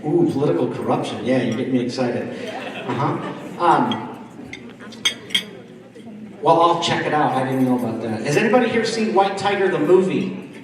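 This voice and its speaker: A man's voice: a little high, animated, normal speed, pauses often, far from the mic. Chatty stand-up comic man in echoey hall. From East Coast of the United States, around Washington, D.C. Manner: chatty crowd work, often asking the audience questions. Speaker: comedian. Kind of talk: stand-up comedy.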